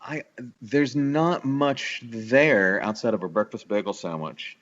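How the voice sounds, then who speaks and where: A man's voice: medium pitch, takes it slowly, dull audio. A man from the New York area talking as a business owner in a casual podcast interview, eager and rambling with many restarts. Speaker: guest, bakery owner.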